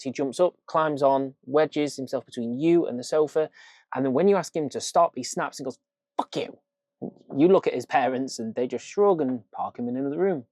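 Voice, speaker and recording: Brief: male dog trainer, punchy and casual, mid pitch, dry close sound. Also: warm tone, no echo. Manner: emphatic, casual, swears for effect. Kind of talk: direct-to-camera training tips.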